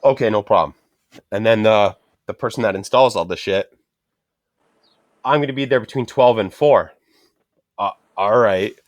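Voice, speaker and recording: A man's voice: fairly low pitch, normal speed, long pauses, dry recording. A middle-aged man telling a frustrated story in casual chat, swearing constantly and ranting. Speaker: podcast host.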